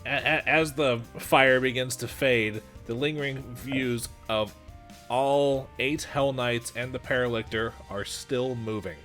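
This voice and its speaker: A man narrating as the game master of a tabletop game, often breaking off and restarting mid-sentence. His voice is bright and forward. Faint music plays behind him. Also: medium pitch, unhurried.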